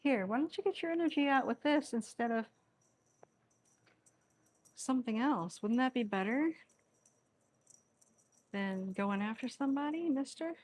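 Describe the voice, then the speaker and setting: A woman's voice: on the high side, animated, a little slow, pauses often. A woman at home filming her rescue cats on a tripod camera, teasing them playfully and laughing often as she talks to them. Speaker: cat rescue vlogger. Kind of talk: casual talk to cats during play. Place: indoor room with cats.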